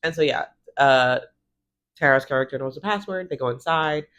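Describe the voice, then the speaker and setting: A woman's voice: a bass voice, normal speed, a bit bright. A woman in her thirties giving a casual, chatty TV recap, swearing freely and acting out the characters' lines. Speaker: show recap vlogger.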